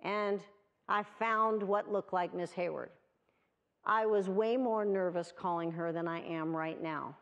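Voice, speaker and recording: A woman's voice: on the low side, steady tone, unhurried, dull audio. A woman in her sixties from the USA, giving an earnest prepared award speech and telling a personal story. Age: 60s. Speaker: award speaker.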